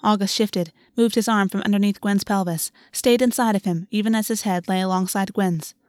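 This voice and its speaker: In clean studio audio free of any room sound, a woman narrates a fantasy audiobook. Her medium-pitched delivery is measured and even throughout this scripted reading.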